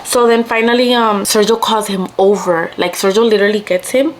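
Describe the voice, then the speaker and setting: A young Mexican woman vlogs as she gets ready, telling a chatty story that switches between English and Spanish. Her medium-pitched voice is steady in tone and a little fast. There's slight background noise.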